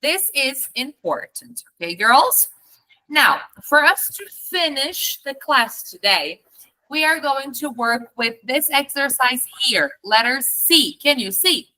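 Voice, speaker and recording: Bright, animated teacher. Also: female voice, sits high, low-quality recording. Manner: patient, explains slowly with demonstrated intonation. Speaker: English teacher. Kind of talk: online English class.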